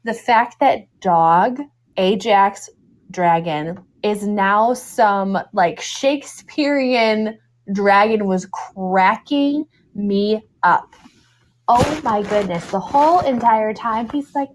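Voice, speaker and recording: A woman's voice: medium pitch, slow pace. A woman co-hosting a book review podcast, chatting casually and acting out quotes from the book. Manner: animated, acts out quotes from the book. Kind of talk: casual chat.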